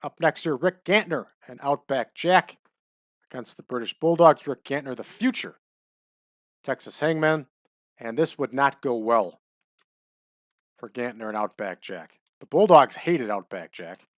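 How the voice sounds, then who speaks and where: A man's voice: mid-range voice, no echo, studio quality. Laid-back man narrating a wrestling game. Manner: laid-back, chatty, adds wrestling trivia. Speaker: game commentator. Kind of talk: casual commentary over a wrestling sim.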